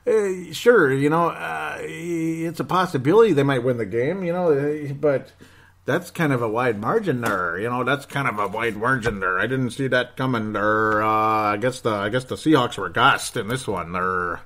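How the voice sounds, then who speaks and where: A man doing an impression of a male hockey coach, talking in a halting, understated way full of fillers. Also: medium pitch, fairly bright tone, natural voice. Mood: mildly surprised.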